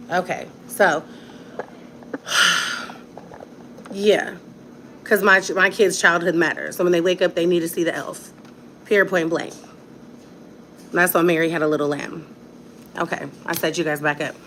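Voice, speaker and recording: Defiant ranting mom vlogger. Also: female voice, on the low side, fairly bright tone, slight background noise. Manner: emphatic, repetitive and defiant. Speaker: mother and vlogger. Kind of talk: home vlog rant. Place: home at night, indoors. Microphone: phone on a ring light setup.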